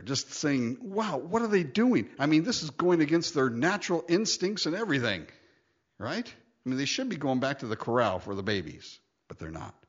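A man preaching a Bible-teaching sermon, chatty and animated, often laughing and acting out quoted lines. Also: mid-range voice, lo-fi sound. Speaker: pastor.

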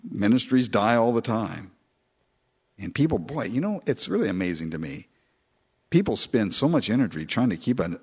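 Animated man preaching a sermon, lo-fi. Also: husky. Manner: conversational, animated, mimics people in falsetto quotes.

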